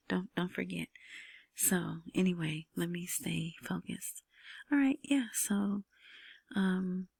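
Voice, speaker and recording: Brief: woman host, soft whispered commentary, husky and gravelly, dry close sound. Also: lowish voice, no echo. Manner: whispering, rambling with many asides and "right?" checks. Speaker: currency news commentator. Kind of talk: casual solo commentary.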